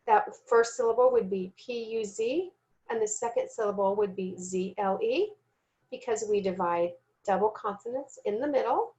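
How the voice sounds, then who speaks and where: A woman giving a recorded teaching lesson, speaking slowly and deliberately and sounding out letters and syllables, sometimes correcting herself. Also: medium pitch, warm tone. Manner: self-corrects with "excuse me". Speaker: teacher trainer.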